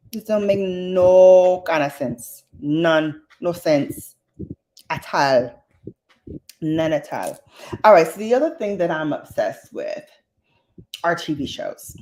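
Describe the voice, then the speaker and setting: A woman hosts a laid-back chat show in an unhurried, expressive voice. She is slangy and dramatic, and her pitch swings from low grumbles to high exclamations. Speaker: host. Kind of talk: casual chat.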